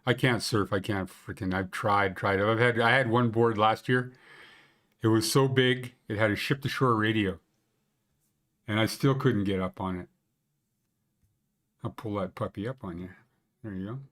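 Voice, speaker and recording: A man's voice: lowish voice, fairly even intonation, normal speed, long pauses, a bit bright. A man hosting a casual live stream about local ski conditions, chatting with viewers in a rambling, joking way with lots of fillers. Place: Banff area.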